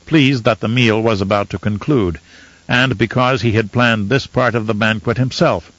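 A man narrating a novel in a measured storytelling manner. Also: medium pitch, a bit bright, no echo. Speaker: audiobook narrator. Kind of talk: scripted audiobook narration. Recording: slightly muffled dry recording.

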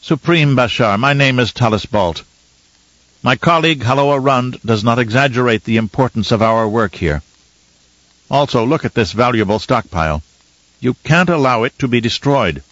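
A man's voice: medium pitch, lively intonation, moderate pace, fairly bright tone, dry recording, dull audio, pitched above the performer's own voice, lightly acted. A man reading an audiobook, voicing an anxious male scientist who pleads earnestly. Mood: pleading.

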